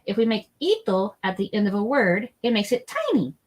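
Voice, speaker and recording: A woman teaching a live online lesson for families, chatty, repeating each word slowly for learners. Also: medium pitch, big pitch swings, darkish tone, poor audio. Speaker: Spanish teacher. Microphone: document camera setup, desk mic.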